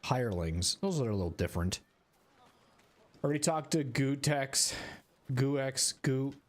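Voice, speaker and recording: A man's voice: medium pitch, unhurried. A man streaming a video game, chatting and teasing in a joking, casual way.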